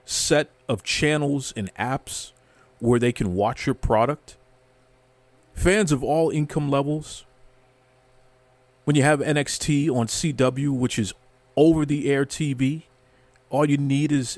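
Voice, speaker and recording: A man's voice: mid-range voice, a little mellow, dry recording. A man hosting a wrestling show, ranting with mock outrage and heavy sarcasm, often repeating words as he builds up. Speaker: wrestling commentary host. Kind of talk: sarcastic rant to camera.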